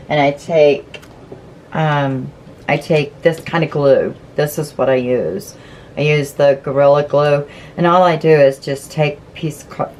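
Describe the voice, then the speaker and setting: Slow, low-voiced woman showing a craft journal. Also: darkish tone, a little hiss or hum, low-quality recording. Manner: chatty, gushing, explaining step by step. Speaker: craft channel host. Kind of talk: casual craft flip-through.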